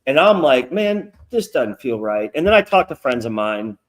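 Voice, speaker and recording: A man's voice: medium pitch, sing-song, normal speed. A middle-aged man telling stories in a casual, profane interview chat, acting out quoted asides. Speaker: guest comic creator. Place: lives in North Carolina.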